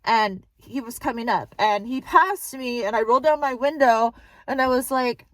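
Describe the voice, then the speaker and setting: A young woman vlogger casually telling a story, chatty and excitable with lots of fillers. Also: a little high, moderate pace, dry recording.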